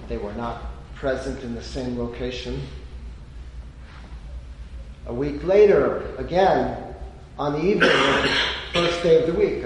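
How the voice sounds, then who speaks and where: A man's voice: medium pitch, slight background noise. A man preaching a sermon, retelling stories and lifting his voice when he quotes the people in them. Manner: storytelling, voicing quoted speakers with rising emphasis. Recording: echoey hall.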